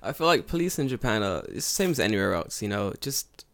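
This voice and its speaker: A man's voice: on the low side, sing-song, brisk, a bit bright. A man in casual chat, telling stories in a laid-back, wry, profane way.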